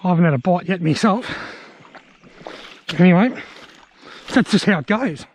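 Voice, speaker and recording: A joking Australian man talks through his evening on the riverbank in easy, chatty commentary. His voice sits high for a man. He rambles between bites and slips gags in without warning. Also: lively intonation, normal speed, darkish tone. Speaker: fishing vlogger. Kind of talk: casual outdoor commentary to camera.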